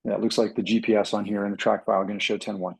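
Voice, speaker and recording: A man who is a pilot and flight instructor, telling a club audience about a flight in an animated, casual way and acting out radio calls. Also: lowish voice, very fast, creaky, husky, poor audio.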